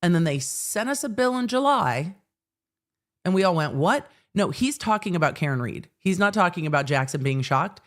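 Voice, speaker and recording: A woman's voice: fairly low pitch, lively intonation, normal speed. A woman hosting live commentary on a court hearing, talking in a blunt, sardonic way and swearing freely. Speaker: legal commentary host.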